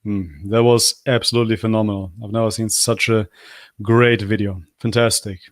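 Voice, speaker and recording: A man's voice: fairly even intonation, moderate pace, dry recording, clean studio sound. A man hosting a livestream and reacting to a video, blunt and mocking, his voice getting worn. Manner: mocks with high, whiny put-on apologies. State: losing his voice. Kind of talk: live reaction commentary.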